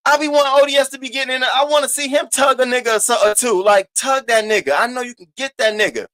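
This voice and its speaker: A man hosting a casual gossip commentary, animated and profane, swinging between loud outbursts and low asides. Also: no echo. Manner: sassy, drawn-out emphasis. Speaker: host of a commentary channel.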